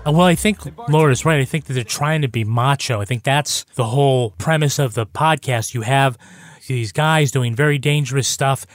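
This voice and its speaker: A man on a review podcast talking through his points in a measured, analytical way. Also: medium pitch, soft background music. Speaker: podcast panelist. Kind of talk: casual review chat.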